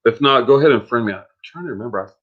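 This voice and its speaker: A man's voice: mid-range voice, expressive, very fast, breathy edge. A man co-hosting a casual live stream late at night, tired and easygoing, reading out viewer comments. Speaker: co-host of a reselling live show. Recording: dull lo-fi stream audio.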